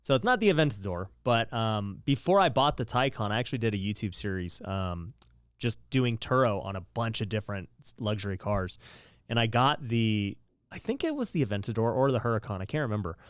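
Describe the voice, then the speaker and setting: A man's voice: fairly low pitch, big pitch swings, fairly quick, smooth, no echo. An easygoing man in his thirties hosting a casual interview, agreeable and chatty. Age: 30s. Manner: easygoing, agreeable, says dude a lot. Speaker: podcast host.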